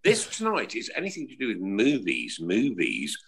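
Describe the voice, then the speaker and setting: A man's voice: lowish voice, huge pitch swings, moderate pace, gravelly, over a noisy crowd. A man from England with a Midlands accent, hosting a football podcast with a jokey, announcer-like way of talking. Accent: English Midlands. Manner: jokey, announcer-like, laughs a lot. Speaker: podcast host. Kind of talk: casual chat.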